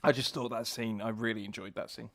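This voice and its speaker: A sleepy man co-hosting a casual podcast, his voice gravelly with vocal fry. He is hesitant and apologetic and restarts his sentences often. The recording is dry and close. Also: fairly low pitch, steady tone, quick pace, bright, forceful tone, no echo. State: sleepy, yawning. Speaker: podcast co-host. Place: home recording in Australia.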